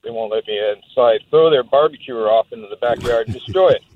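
A man's voice: medium pitch, fast, slight background noise. A man calling in to a radio show, telling a story about his own night out in a plain, matter-of-fact way. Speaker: radio caller. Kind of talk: casual storytelling. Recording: tinny phone line.

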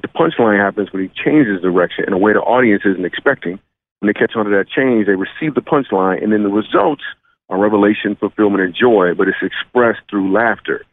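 A man in his thirties from Michigan, a comedian guest telling stories in a joking, animated way. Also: lowish voice, brisk, dry recording. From Michigan, USA. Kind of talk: phone-in radio interview. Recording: tinny phone line.

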